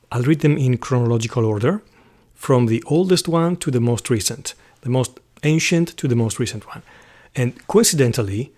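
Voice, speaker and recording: A man's voice: mid-range voice, slightly rough. Earnest man. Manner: earnest, heartfelt, reads verse slowly with soft whispered passages. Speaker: host of a Catholic channel. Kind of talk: reflective talk and poetry reading.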